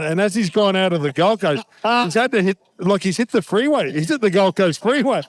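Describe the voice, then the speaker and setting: A man's voice: sits high, animated, a little fast. A middle-aged man and former rugby league captain, swearing freely and laughing as he tells casual stories at a live show in a hotel pub.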